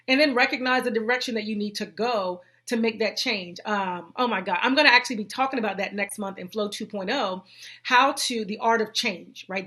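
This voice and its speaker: Lady hosting a live faith chat, bright voice, preachy, slangy, says stuff twice. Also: medium pitch. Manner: animated and preachy, with slang and repeats. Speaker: host of a live faith and life-coaching stream. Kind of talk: casual live-stream chat, reading comments.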